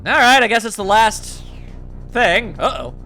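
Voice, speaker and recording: This let's play commentator speaks a little slowly in a high, sing-song voice with a bright, forceful tone. He reads the game's lines aloud and adds wry, chatty remarks over faint background game music.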